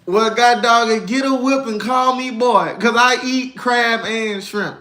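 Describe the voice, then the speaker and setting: Male livestream host, high voice, lively storyteller who acts out voices, echoey room. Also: takes it slowly. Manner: animated storytelling, acts out voices, laughs often. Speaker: livestream host reading chat. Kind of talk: casual livestream chat.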